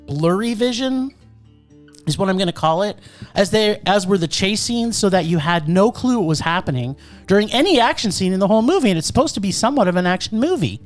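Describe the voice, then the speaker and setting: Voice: medium pitch, fairly quick, soft background music. A podcast co-host giving a sarcastic, ranting movie review in casual chat. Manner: animated, sarcastic ranting critique.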